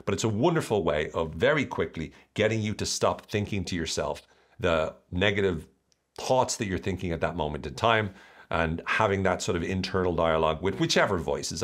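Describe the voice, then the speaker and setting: A man hosts a motivational podcast in a fairly low voice. His pitch rises and falls a lot. He talks playfully and keeps slipping into little acted-out voices. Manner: animated, playful, acts out voices. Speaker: podcast host.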